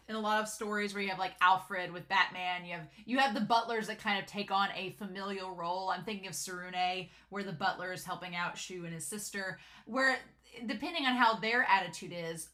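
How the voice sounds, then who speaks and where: A woman chatting casually through an episode recap, full of "like" and quick asides. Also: mid-range voice, pushed and bright. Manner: chatty, giggly, lots of "like" and filler. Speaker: anime reviewer.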